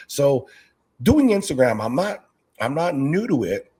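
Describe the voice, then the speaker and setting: Man, husky voice, casual interview, animated storyteller, youth coach. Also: fairly low pitch, a little fast. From Northern California. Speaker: youth basketball coach and aquarium channel creator.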